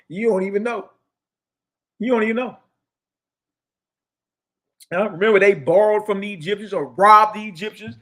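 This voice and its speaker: A man's voice: sits high, moderate pace, pauses often. A man giving a mocking, slangy religious lecture, reading passages from a book aloud and riffing on them. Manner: mocking, preachy, slangy and lively, reads passages aloud then riffs. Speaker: teacher.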